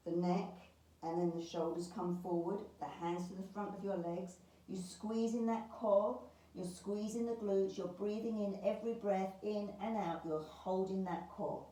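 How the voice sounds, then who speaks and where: A woman leading a beginners Pilates class, calmly talking students through each movement with the occasional filler. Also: medium pitch. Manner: calm step-by-step cueing with fillers. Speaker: Pilates instructor. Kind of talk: guided exercise class. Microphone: camera across the room. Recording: roomy far-off mic with faint ambience.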